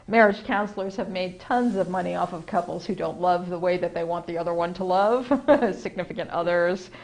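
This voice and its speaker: American woman, host, casual rambling delivery with fillers, animated on key points. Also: on the low side, moderate pace, low-quality recording. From United States. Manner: chatty, rambling with fillers and self-corrections; acts out quoted voices, gets animated when emphasizing. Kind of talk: casual spoken reflection.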